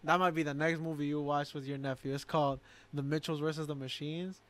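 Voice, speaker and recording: Young male co-host, slightly high voice, slangy storyteller, filler-heavy casual delivery. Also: level tone, fairly quick, a bit bright. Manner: slangy storyteller, says "like" often. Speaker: podcast co-host. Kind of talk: casual chat.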